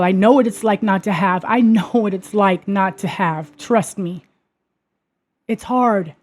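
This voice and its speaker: Unhurried and a little mellow, this woman's voice sits at medium pitch. She hosts her own podcast and gives a personal testimony monologue, earnest at the start and later emphatic and heated.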